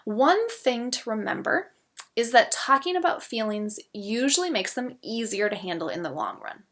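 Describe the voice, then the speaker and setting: A woman gently explaining parenting steps, modeling soothing phrases for children. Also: on the high side, very animated, moderate pace. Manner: gentle, explains step by step with spoken examples. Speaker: parenting educator. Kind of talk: instructional talk with example phrases.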